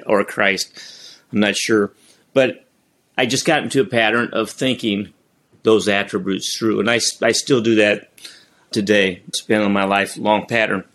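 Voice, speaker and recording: A middle-aged man sharing a personal story as a podcast guest, speaking earnestly with pauses and restarts. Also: mid-range voice, fairly bright tone. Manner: earnest, halting, recounts prayers aloud. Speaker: guest, ministry founder. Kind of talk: reflective storytelling in an interview.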